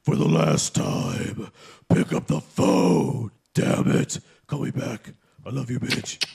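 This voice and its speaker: A hotheaded caped crusader with a crushed, gravelly growl that has no clean tone left in it. He rants and pleads into a comedy voicemail, his pitch swinging up and down as he swears. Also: wildly swooping pitch, slow pace, a little mellow, heavily acted. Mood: ranting.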